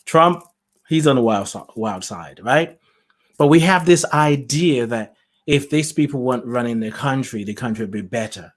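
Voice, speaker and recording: A male podcast host talks alone into his own mic, sharing spiritual thoughts in a loose, casual monologue. He muses aloud, laughs often, and sometimes loses his thread before finding it again. His voice sits at a middle pitch. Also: moderate pace. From lives in the UK. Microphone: solo podcast mic, self-produced.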